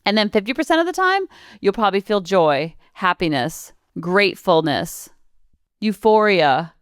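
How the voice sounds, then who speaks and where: A woman's voice: mid-range voice, very animated, normal speed, clear, resonant tone, no room sound, studio quality. A woman in her forties hosting a parenting podcast, chatting casually and piling up long lists of examples. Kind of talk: casual solo podcast talk.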